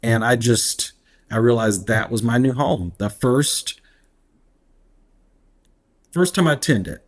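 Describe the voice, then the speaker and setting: A man, speaking as an interview guest in a reflective, unhurried way and laughing easily. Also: mid-range voice, animated. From Alabama, US. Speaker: guest, activist. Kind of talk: casual interview conversation.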